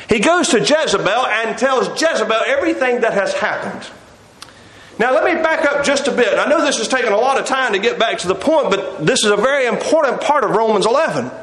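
A man's voice: extremely high pitch, a bit bright. A man preaching a sermon, telling the story with animation and acting out the quotes. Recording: echoey room.

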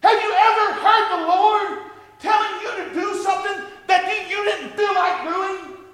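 A man preaching a sermon to his congregation, impassioned and often rising to shouted exclamations. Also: very high voice, steady tone, unhurried. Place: church sanctuary with a congregation. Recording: echoey hall with long reverb.

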